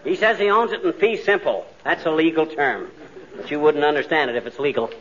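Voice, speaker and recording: Actor as a wisecracking, bragging husband, high and animated, on a muffled 1940s radio recording. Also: male voice, a little fast, natural voice. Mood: blustering. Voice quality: blustering, boastful, wisecracking. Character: boastful blustering middle-aged husband. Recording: dull old radio recording with hiss.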